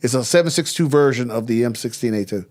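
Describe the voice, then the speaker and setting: A man's voice: medium pitch, quick pace, a little mellow. A man talking as a podcast guest in casual chat, joking around and chuckling often. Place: studio under hot lamps.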